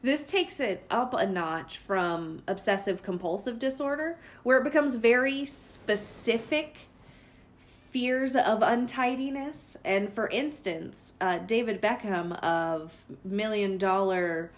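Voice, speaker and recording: A woman's voice: mid-range voice, slow pace. Woman podcast co-host, chatty and teasing, casual delivery. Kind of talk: casual chat quiz about phobias.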